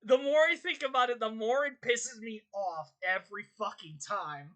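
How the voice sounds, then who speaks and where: A young woman hosting her channel, ranting in casual commentary, exasperated and swearing, her voice jumping high in outbursts. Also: normal speed, a bit bright. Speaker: channel host.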